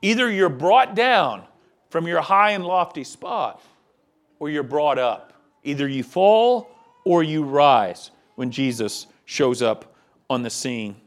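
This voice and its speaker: Impassioned high-voiced male preacher. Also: expressive, slow pace. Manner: impassioned preaching, rising and falling delivery. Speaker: pastor. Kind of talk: sermon.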